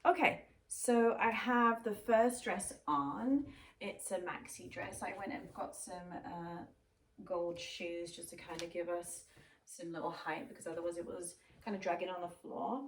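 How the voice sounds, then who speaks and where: Low-voiced woman chatting through an unboxing. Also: unhurried. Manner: chatty and rambling, with frequent "um"s. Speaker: fashion vlogger. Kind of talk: casual unboxing chat to camera.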